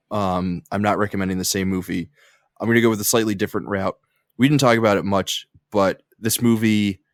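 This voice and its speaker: Laid back podcast host guy from the east coast, lowish voice, agrees a lot. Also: no echo, studio quality. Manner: easygoing, frequent agreeing interjections. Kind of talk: casual podcast chat.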